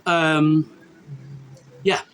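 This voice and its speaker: A man's voice: a little high, flat delivery, extremely slow, a bit bright, slight background noise, poor audio. A man, a rabbi, teaching a daily law class, reading Hebrew sources and explaining them in English with many restarts. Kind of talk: halacha lecture.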